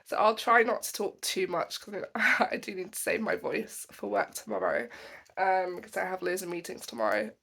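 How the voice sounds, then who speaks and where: A woman with a croaky voice from a cold, chatting casually to the camera on her phone with frequent ums. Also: mid-range voice, animated, moderate pace, fairly bright tone. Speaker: travel vlogger. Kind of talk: casual vlog chat. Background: background music.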